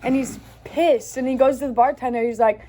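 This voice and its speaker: A woman's voice: high-pitched, fairly quick, a little hiss or hum. Woman casually telling a joke. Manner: relaxed storytelling with fillers like 'um' and 'like'.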